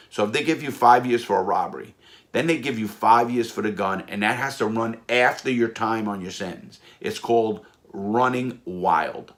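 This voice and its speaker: A man with a fairly low voice tells a personal story in casual monologue. He talks emphatically, repeating phrases and restarting mid-sentence as he drives each point home. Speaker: storyteller recounting his prison case.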